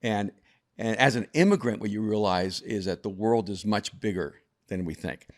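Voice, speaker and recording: A man's voice: on the low side, normal speed. A man over fifty from El Salvador, a guest telling stories in a reflective way with frequent restarts. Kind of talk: conversational storytelling.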